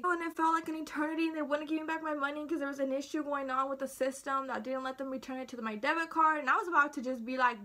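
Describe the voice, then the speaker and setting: A woman's voice: high voice, fairly even intonation, quick pace, few pauses, bright, forceful tone. A teenage girl vlogging in a chatty storytelling way, acting out what everyone said. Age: teens. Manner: chatty, dramatic, acts out quotes. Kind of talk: casual storytime.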